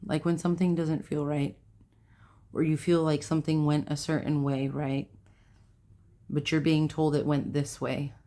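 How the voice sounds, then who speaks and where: A woman's voice: deep voice, little pitch movement, measured pace, pauses often, warm tone. A young adult woman hosting a self-help video, talking casually to camera in a rambling way, with fillers and self-corrections.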